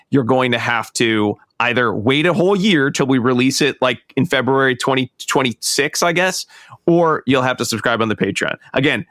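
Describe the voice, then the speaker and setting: A man co-hosting a podcast, talking at a middle pitch in a loose, rambling way and often restarting his sentences. The sound is dry and close, with no room echo. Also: a bit bright. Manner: rambling, self-correcting, chatty. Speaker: podcast co-host. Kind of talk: casual podcast chat.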